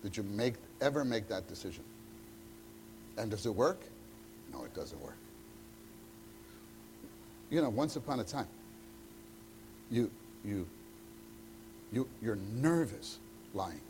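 A man's voice: on the low side, very animated, takes it slowly, pauses often, background noise. Man teaching a church training meeting. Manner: conversational, acts out quoted dialogue.

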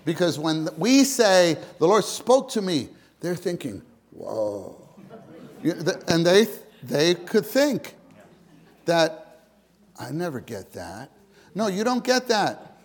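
A man giving an informal sermon to fellow believers, conversational and repetitive, swinging between loud emphasis and hushed, near-whispered words. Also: sits high, animated, slow pace. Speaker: church speaker.

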